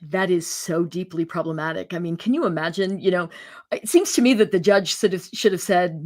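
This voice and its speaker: A woman guest commenting in a casual interview, animated and incredulous in tone. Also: on the low side, a little fast.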